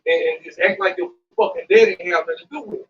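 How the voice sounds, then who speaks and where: A man's voice: high voice, expressive, very fast. A man talking scripture in a casual group, preachy and blunt, with plenty of swearing. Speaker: Hebrew Israelite member discussing scripture. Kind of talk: casual religious discussion. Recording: distant dull mic with faint noise.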